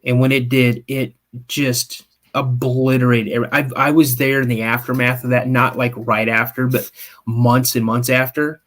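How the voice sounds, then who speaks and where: An animated man spins a scene for his listeners, pulling them in with "you" and stopping often to check that they are following. His voice sits at an ordinary middle pitch and rises when the story turns tense. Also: moderate pace. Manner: animated, builds scenes with second-person storytelling; frequent restarts and repeated "okay?". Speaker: podcast co-host. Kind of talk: live-stream storytelling chat.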